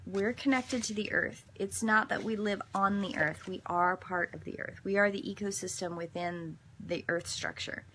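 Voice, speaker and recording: A woman's voice: medium pitch, a bit bright, a little hiss or hum. A woman hosting a daily devotional, reading a passage and then reflecting in an earnest, meandering way with some self-corrections. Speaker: devotional host.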